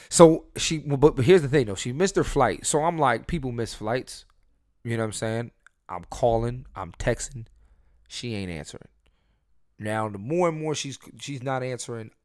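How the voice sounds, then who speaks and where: A man hosting a podcast, telling his dating stories in a casual, profane way and swinging between loud and soft. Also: mid-range voice, no echo, studio quality. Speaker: podcast host. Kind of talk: casual storytelling chat.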